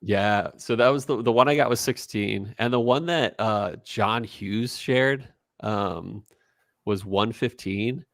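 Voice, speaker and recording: A man co-hosting a casual podcast, animated as he tells stories and acts out what people said. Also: fairly low pitch, slow pace, dry recording, studio quality. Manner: animated storyteller, quotes people in voices. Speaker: podcast co-host. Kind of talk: casual chat.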